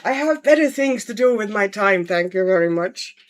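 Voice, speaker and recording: A woman's voice: medium pitch, lively intonation, normal speed. A woman from Estonia, chatting casually at home on a livestream while colouring and answering viewer comments. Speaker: livestream host, colouring artist.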